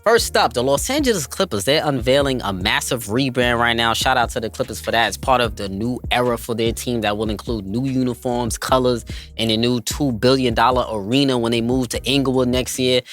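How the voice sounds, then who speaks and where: A man's voice: medium pitch, brisk, a bit bright, soft background music. A man hosting a basketball podcast, talking emphatically and hyping players up, calling his listeners family. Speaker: podcast host. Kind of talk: enthusiastic basketball commentary.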